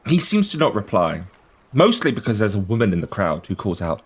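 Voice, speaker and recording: A man's voice: lowish voice, very animated, brisk, breathy edge. A man narrating a tabletop game as game master, with vivid description.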